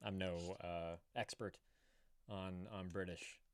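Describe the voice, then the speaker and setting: A man's voice: deep voice, fairly even intonation, slow pace, smooth, no room sound, clean studio sound. An American man hosting a live stream in casual chat, swearing freely and greeting viewers by name. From United States. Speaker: streamer host.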